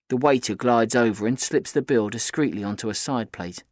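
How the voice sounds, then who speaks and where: A man reading a children's novel aloud in the first person, in an even storytelling manner. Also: mid-range voice, normal speed, hardly any pauses, no echo, clean studio sound. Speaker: audiobook narrator. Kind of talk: scripted first-person narration.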